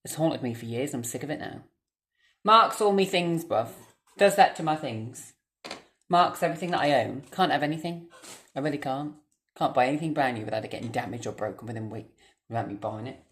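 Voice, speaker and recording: A young woman, vlogging at home. She swears constantly and swings between low mutters and angry shouting. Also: brisk. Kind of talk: casual vlog rant. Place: home, indoors.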